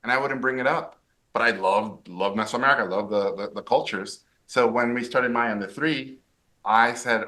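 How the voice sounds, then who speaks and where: A man from Mexico, a guest on a podcast interview, telling stories in an animated way and acting out the voices he quotes. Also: medium pitch, normal speed. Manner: animated storyteller who acts out quoted voices.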